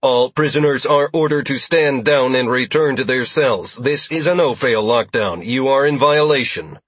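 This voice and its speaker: A man reading a mechanical lockdown announcement in a flat, official manner. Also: mid-range voice, moderate pace, slightly rough, no echo.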